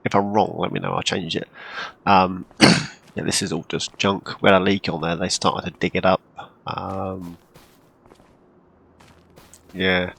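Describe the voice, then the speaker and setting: A man casually commenting on his farming game, rambling with lots of ums and throat-clearing, hiccuping and coughing now and then. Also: sits low, little pitch movement, unhurried, long pauses, fairly bright tone. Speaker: farming game role-play channel host.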